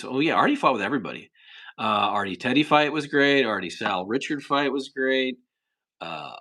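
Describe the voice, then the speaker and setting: A young man hosting a casual livestream, rambling through chat questions and sometimes breaking into shrill impressions. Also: bright, forceful tone. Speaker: livestream host.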